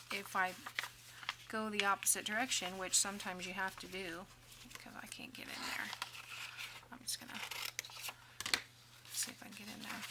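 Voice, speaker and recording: A woman hosting a casual crafting tutorial, chatting and joking at herself, dropping to soft mutters while she works. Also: mid-range voice, very noisy. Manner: chatty, self-deprecating, mutters softly while working.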